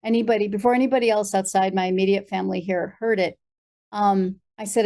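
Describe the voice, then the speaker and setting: An American woman speaks as a podcast guest with an animated storytelling manner, leaning on fillers as she goes. Her voice has a gravelly, creaky texture. Her pitch sits in a middle range for a woman. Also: brisk. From United States. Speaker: guest, performer. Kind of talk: conversational interview.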